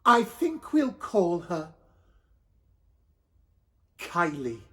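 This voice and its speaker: A man's voice: high voice, huge pitch swings, extremely slow, sharp tone, full character voice. A man with a Welsh accent voicing the Virgin Mary, a weary young mother in labour.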